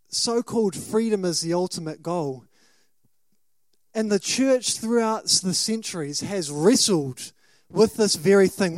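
A man's voice: high-pitched, a little mellow, no echo. A man with a New Zealand accent preaching a sermon, questioning and dramatic, rising to emphatic bursts.

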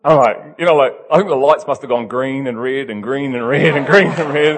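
Animated New preacher man. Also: medium pitch, brisk, hardly any pauses, big-room sound. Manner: animated, emphatic, swings from loud to soft. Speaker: pastor. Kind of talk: storytelling sermon.

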